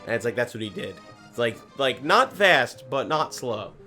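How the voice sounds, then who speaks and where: A man's voice: medium pitch, big pitch swings, normal speed, pushed and bright, soft background music. A man rambling through a casual story while playing a game, with constant "like" fillers and plenty of swearing. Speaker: gaming video host.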